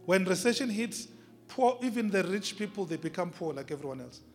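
A man's voice: high-pitched, animated, brisk. A male pastor preaching a sermon with emphasis, repeating key phrases and drawing out words. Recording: long reverb of a large hall, faint music.

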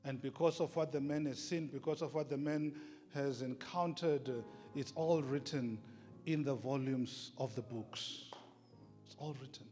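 A man's voice: mid-range voice, unhurried. Man preaching a fiery sermon in an echoing hall. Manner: swings from hushed to shouting, repeats phrases. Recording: long reverb in a large hall, music behind.

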